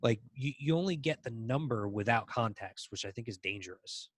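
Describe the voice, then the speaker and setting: A man co-hosting a casual political chat, talking in halting stretches full of ums and restarts. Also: medium pitch, animated, husky. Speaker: podcast co-host.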